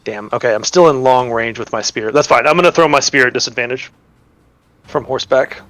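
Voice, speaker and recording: A man's voice: mid-range voice, brisk, a bit bright, dry recording. A man playing a tabletop role-playing game, narrating his character's actions in a rambling way, with many restarts and laughs. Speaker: player.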